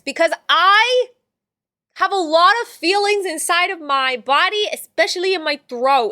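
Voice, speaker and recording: Upbeat woman streamer with a high voice and close, dry sound; playful, giggly, rambling chat. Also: expressive, unhurried, bright, forceful tone, dry recording. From father from Puerto Rico. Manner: playful, laughs often, rambling. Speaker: livestream host reading chat. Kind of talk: casual chat with viewers.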